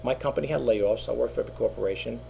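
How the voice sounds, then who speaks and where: A middle-aged man with a medium-pitched, very fast, creaky voice and a dark tone talks casually to his channel, with a little hiss or hum in the background. He's an eBay reseller and YouTuber doing a talking-head monologue, rambling, repeating himself, and using lots of fillers.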